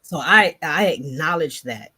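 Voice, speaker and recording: A woman's voice: low voice, expressive, unhurried, bright, forceful tone, breathy edge. A woman joining a talk show over a video call, speaking earnestly and reflectively about faith. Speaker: guest. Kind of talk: casual chat.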